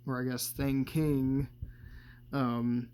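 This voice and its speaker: A man's voice: mid-range voice, flat delivery, extremely slow, darkish tone, slight background noise. A man casually recapping a movie, swearing constantly, meandering through his thoughts and laughing often. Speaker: movie commentator.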